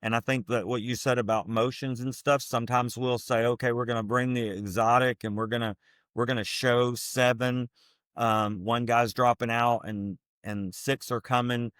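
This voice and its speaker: A man talks football like the coach he once was, earnest and emphatic as he drives home his points. His voice sits at a middle pitch and sounds close and dry, with no room around it. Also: little pitch movement, normal speed, fairly bright tone, smooth, no echo. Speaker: podcast co-host, former football coach. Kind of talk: casual football analysis chat.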